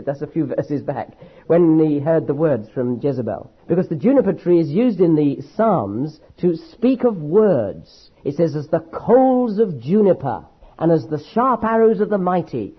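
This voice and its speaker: Husky male preacher, emphatic sermon. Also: fairly high pitch. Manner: emphatic, dramatic delivery, slows down to stress key words. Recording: dull lo-fi recording.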